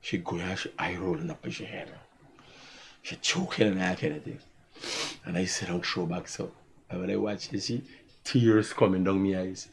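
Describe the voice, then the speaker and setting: A man's voice: low-pitched, normal speed, vocal fry, slight background noise. A man with a Guyanese accent hosting a live talk show, telling stories casually and laughing often. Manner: animated storytelling with frequent laughter.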